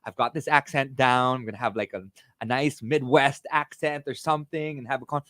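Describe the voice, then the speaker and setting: A man's voice: mid-range voice, fairly even intonation, a little fast, a bit bright. A man with a Filipino accent co-hosting morning radio, playful and jokey, laughing often. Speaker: radio co-host. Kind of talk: casual morning radio banter. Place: radio studio.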